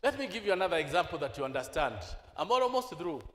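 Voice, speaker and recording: Man, Kenyan accent, sermon, very high-pitched, long church reverb, code-switching into Swahili. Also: big pitch swings, fast talker, a bit bright. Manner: asks the congregation rhetorical questions; switches into Swahili mid-sentence. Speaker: preacher. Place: church hall. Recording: echoey reverberant church hall.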